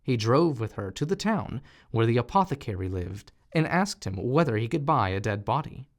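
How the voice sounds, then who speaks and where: A man narrating a fairy tale audiobook in an expressive, animated reading style. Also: medium pitch, moderate pace. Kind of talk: storybook narration.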